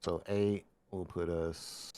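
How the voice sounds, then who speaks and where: A man's voice: low voice, little pitch movement, takes it slowly, mellow, no room sound. A man co-hosting a casual gaming podcast, talking bluntly in slang and cracking jokes. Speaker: podcast co-host.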